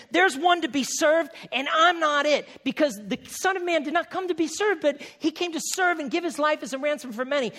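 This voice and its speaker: A man from New England preaching a sermon in a conversational, animated way, acting out quick asides. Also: very high voice. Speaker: pastor.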